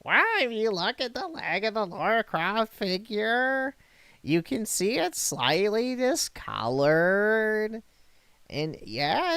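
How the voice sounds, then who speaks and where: A man putting on a shrill, screeching voice to parody a hypocritical young woman, slow and sneering. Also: a bit bright, clear, resonant tone, no echo, full character voice.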